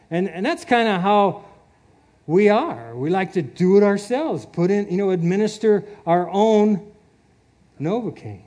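A man's voice: high voice, normal speed, mellow. A man preaching a sermon in an earnest way, chuckling often and repeating his words.

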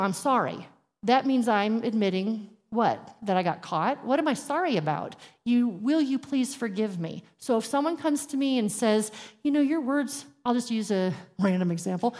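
A woman's voice: medium pitch, darkish tone. A middle-aged woman teaching a women's group in an earnest, candid way, acting out little dialogues as she goes. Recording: long hall reverb.

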